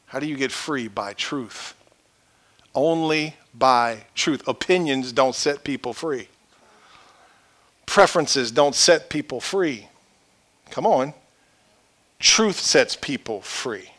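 A male pastor preaching a sermon in a church, swinging from loud shouted peaks to quiet low asides. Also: lively intonation, slow pace, long pauses.

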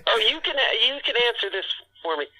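A man's voice: sits high, very animated, a little fast, bright, forceful tone, breathy edge, low-quality recording. A man guest in a casual chat, curious and easygoing, asking questions. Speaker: podcast guest.

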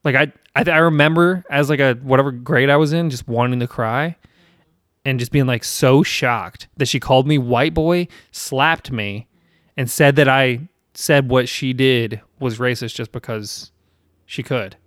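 A man's voice: mid-range voice, unhurried, fairly bright tone, no echo, clean studio sound. A man in his thirties from South Carolina, hosting a casual chat and telling a rambling, profane story with self-deprecating laughs.

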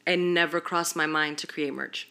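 A young woman hosts a podcast, speaking in a low, clean voice at a moderate pace. She tells animated stories in casual chat, swearing heavily and using plenty of slang.

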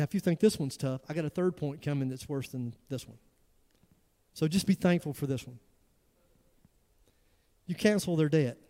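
A man, preaching with animated emphasis. He fires off rhetorical questions at his congregation. His voice carries a long hall reverb from a church sanctuary. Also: a little high. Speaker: pastor. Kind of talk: sermon.

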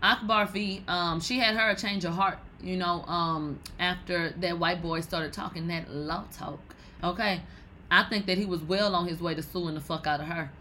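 A woman in her thirties hosting a podcast, giving blunt, profane, animated gossip commentary. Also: lowish voice, moderate pace, slight background noise, rough recording. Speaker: podcast host.

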